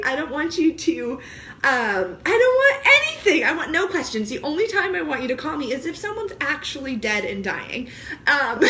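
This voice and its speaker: High, bright-voiced mom ranting with laughs. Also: female voice, slight background noise. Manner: animated, laughing, joking asides. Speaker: vlogger. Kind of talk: casual talk to camera.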